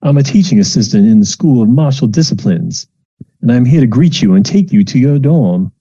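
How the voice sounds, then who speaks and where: A man playing a friendly, fit young teaching assistant with a cheerful lilt. His voice sits higher than usual and stays breathy and mellow. The sound is muffled. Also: animated, fairly quick. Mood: chipper. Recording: muffled lo-fi home recording.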